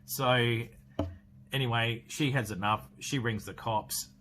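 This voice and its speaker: An Australian man in his 40s hosts a podcast, recapping a horror film casually in a rambling, filler-heavy way with many restarts. His mid-range voice holds a steady tone at a slow pace over a noisy background.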